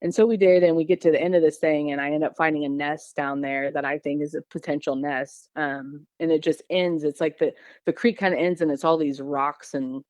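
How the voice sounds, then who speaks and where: A woman's voice: low-pitched, fairly even intonation, brisk, darkish tone, no echo, muffled recording. A woman from Missouri, a podcast guest, telling her encounter in a casual, rambling way with many fillers and restarts. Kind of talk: casual storytelling.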